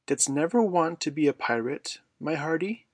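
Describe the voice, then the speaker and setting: A man's voice: a little high, lively intonation, moderate pace, slightly rough, no room sound, pitched above the performer's own voice. A man voicing a menacing, gloating pirate captain who snarls and roars orders. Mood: commanding. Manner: snarling, syrupy, roaring orders.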